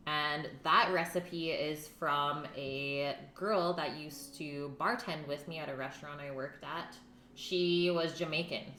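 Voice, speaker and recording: A young woman's low, fairly bright voice comes through with a little hiss or hum. Hosting a casual cooking live stream from her home kitchen, she's chatty, reads viewers' names out loud, and talks while she eats, in an echoey space with faint music.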